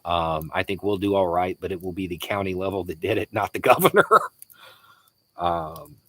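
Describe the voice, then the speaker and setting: A man's voice: deep voice, normal speed, a bit bright, dry recording. A man from Florida with a Southern accent hosting a casual live Q&A, answering viewer messages with frequent chuckles and hesitant restarts. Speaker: livestream host.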